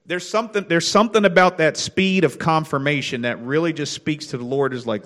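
A man's voice: on the high side, a bit bright. A man giving a short sermon and exhorting the congregation in an earnest way. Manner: earnest, exhorting, quick bursts. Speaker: preacher.

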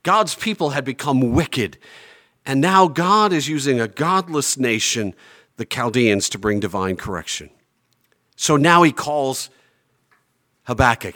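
A man preaching a sermon as pastor, stressing key phrases slowly and swinging between loud declarations and quiet asides. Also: medium pitch, expressive. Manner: emphatic, slows down on key phrases.

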